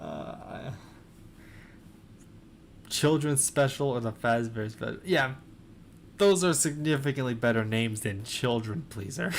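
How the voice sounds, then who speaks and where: A young man reads his old fan fiction aloud, stopping again and again to laugh at it and mock his own writing. His voice sits at an everyday middle pitch, with a faint hiss behind it. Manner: laughing, self-mocking. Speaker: reader.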